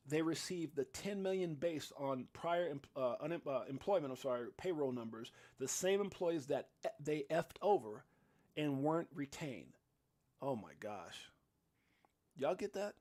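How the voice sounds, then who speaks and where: A man hosting a casual crypto livestream, talking in an animated, rambling way full of restarts and fillers. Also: fairly high pitch. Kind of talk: casual live-stream chat. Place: home studio in Las Vegas.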